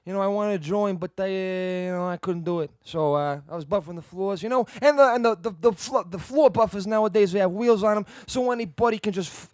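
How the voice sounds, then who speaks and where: A man telling a rambling story in casual podcast chat, excited and swearing freely. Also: sits high, fast talker, hardly any pauses, no room sound, studio quality.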